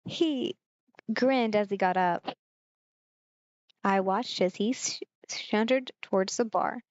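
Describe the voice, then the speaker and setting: A woman's voice: mid-range voice, slow, no room sound, dull audio. A woman from Germany streaming a visual novel, reading the story aloud and chatting with viewers in asides.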